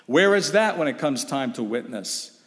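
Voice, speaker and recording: A man's voice: mid-range voice, sing-song, moderate pace, a bit bright. A man preaching a sermon, emphatic and urgent, putting rhetorical questions to his listeners. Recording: long reverb of a hall.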